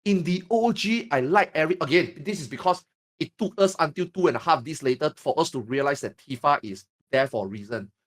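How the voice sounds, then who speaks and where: A man from Singapore in casual podcast chat, telling stories in an animated, profane, emphatic way. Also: a little high, a little fast.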